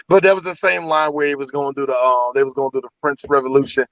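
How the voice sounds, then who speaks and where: A man's voice: medium pitch, flat delivery, fast talker, a bit bright, no room sound. A man co-hosting a podcast, chatting casually and profanely about a movie, joking in put-on voices. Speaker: podcast co-host. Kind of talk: casual movie review chat. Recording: dry, dull lo-fi sound.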